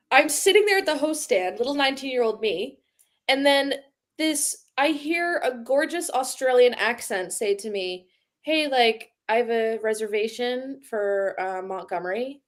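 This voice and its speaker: A woman's voice: a little high, fairly bright tone. A young adult woman co-hosting a livestream, telling a story in casual chat, acting out quotes and laughing often. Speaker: livestream co-host.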